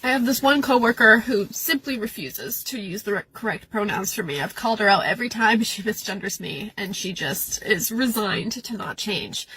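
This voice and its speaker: A woman's voice: medium pitch, expressive, sharp tone, breathy edge. A young adult woman venting through tears about a hard day, recorded outdoors at a beach. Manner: tearful, upset, rapid venting. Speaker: person venting in a posted video. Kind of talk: emotional personal venting.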